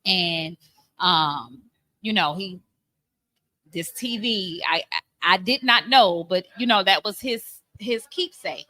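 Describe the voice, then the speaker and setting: A middle-aged woman, telling a heartfelt family story on a podcast with many fillers and pauses. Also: on the low side, bright, forceful tone, no room sound. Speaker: podcast co-host. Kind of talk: candid conversation about parenting.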